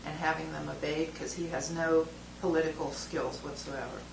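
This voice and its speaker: Outspoken female participant, lowish voice, distant mic with clear room noise. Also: moderate pace. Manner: blunt, animated retelling. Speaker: focus group participant. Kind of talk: casual opinion in group discussion. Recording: roomy distant recording with clear background noise.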